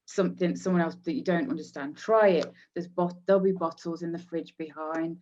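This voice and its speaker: A woman hosting a casual chat, relaxed and encouraging. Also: lowish voice, brisk, lo-fi sound. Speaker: host.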